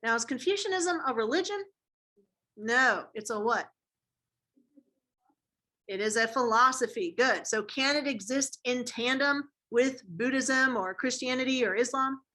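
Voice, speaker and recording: Woman teacher, classroom lecture, casual slangy manner, bright tone, higher pitch. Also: a little slow. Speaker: history teacher.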